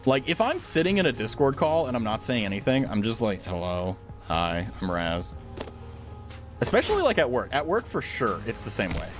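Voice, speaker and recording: Rambling young male streamer, lively voice. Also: medium pitch, quick pace, few pauses, soft background music. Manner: rambling, filler-heavy, giggly. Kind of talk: casual gaming stream chat. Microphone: studio dynamic mic.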